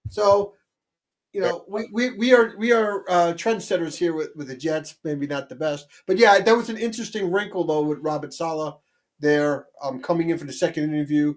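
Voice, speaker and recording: A man co-hosting a sports talk show, talking in an animated, rambling way with lots of restarts. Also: a little high, normal speed. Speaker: sports podcast co-host.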